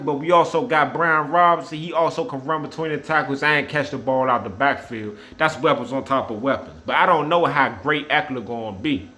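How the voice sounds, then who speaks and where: Blunt, swearing football fan ranting. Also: male voice, a little high, pushed and bright. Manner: blunt, repetitive, trash-talking, swears often. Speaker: sports vlogger. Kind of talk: casual opinionated rant.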